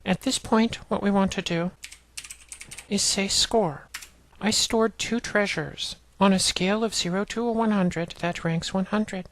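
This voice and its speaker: A woman narrating a walkthrough of an old text adventure game, plainly reading commands and game text aloud and explaining each step. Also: fairly low pitch. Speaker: let's play narrator. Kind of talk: let's play walkthrough narration.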